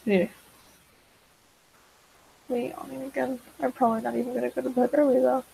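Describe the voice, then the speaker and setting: A woman's voice: high-pitched, flat delivery, moderate pace, gravelly, mellow, slight background noise, low-quality recording. A teenage girl chatting casually while drawing, rambling and awkward, full of fillers and restarts, self-deprecating. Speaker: digital artist vlogger. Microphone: desk mic.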